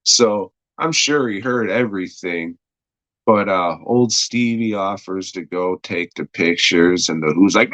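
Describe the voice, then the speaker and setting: A man's voice: deep voice, measured pace, fairly bright tone, no room sound, rough recording. A man hosting a podcast, recapping an episode's plot in a rambling, crude way, swearing a lot and filling gaps with uh. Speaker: podcast host reviewing an episode.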